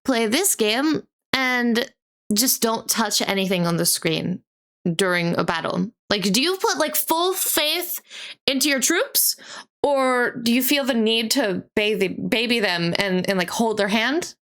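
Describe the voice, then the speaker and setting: Young female streamer, chatty and giggly, reaction chat, higher voice. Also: expressive, a bit bright. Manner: chatty, giggly, quick interjections.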